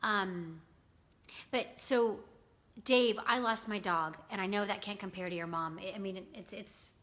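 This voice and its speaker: A woman's voice: medium pitch, measured pace, a bit bright. A woman hosting a casual live stream, chatting with viewers, greeting them by name and talking with many fillers. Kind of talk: casual live-stream chat reading comments.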